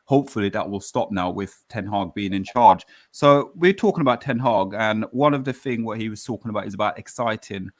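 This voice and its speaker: A man chats enthusiastically on a panel. His voice is low and the sound is dry and close. He rambles a bit as he moves between thoughts. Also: brisk, hardly any pauses, dry recording. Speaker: panel host. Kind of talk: casual panel chat.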